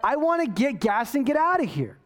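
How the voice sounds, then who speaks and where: A pastor telling a self-mocking story in a sermon, animated and often asking "right?". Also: male voice, very high-pitched, brisk. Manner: self-mocking, waves arms while talking.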